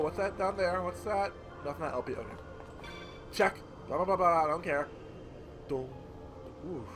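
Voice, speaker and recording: Man gameplay streamer, animated, rambling, swears a lot, game music loud underneath. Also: high-pitched, poor audio. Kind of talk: casual gameplay commentary. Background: game music and sound effects.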